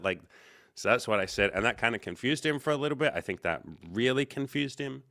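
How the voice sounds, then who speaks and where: A man's voice: mid-range voice, animated, a little fast, gravelly, bright, forceful tone, no room sound, clean studio sound. A man hosting a livestream, telling a story casually, rambling and correcting himself, with quoted dialogue. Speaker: livestream host and coach.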